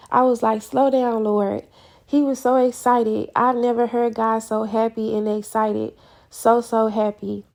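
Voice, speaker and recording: A woman telling a personal faith testimony in a casual vlog, acting out her own prayers as she goes. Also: fairly high pitch. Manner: animated storytelling, acts out her own quoted prayers. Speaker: faith vlogger.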